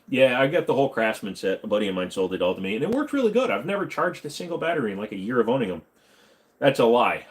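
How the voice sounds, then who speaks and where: Casual male streamer answering chat, jokey and rambling, voice rises and falls a lot. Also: fairly low pitch. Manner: joking, rambling, self-correcting. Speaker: host. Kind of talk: casual livestream Q&A reading chat.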